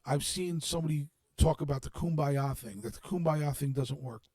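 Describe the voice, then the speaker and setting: Man, 40s, slightly high voice, dry close sound; blunt, swearing monologue to his viewers. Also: normal speed, no room sound. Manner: blunt and heavily profane, swinging from quiet reflection to shouted anger. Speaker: streamer addressing his audience. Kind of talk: unscripted monologue.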